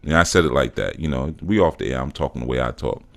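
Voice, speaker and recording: With an extremely low, gravelly, fairly bright voice, a middle-aged spiritual teacher hosts his show at a quick, animated pace over soft background music. His casual monologue rambles through stories laced with "man" and "you know," and he acts out quotes and gets emphatic.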